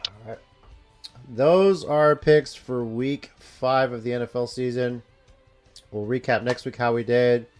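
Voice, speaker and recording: Relaxed male podcast host, even mid-range voice, casual sign-off read. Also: medium pitch, unhurried, faint music behind. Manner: relaxed, wraps up the show. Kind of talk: casual chat and outro.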